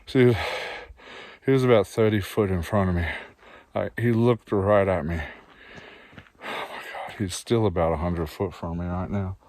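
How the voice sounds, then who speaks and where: A man's voice: sits low, fairly even intonation, moderate pace, a little mellow, no echo. An Australian man filming a vlog on his phone in the woods, shaken and out of breath, sighing and repeating himself. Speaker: vlogger. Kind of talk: handheld outdoor vlog. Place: woods, outdoors. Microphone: phone held in hand.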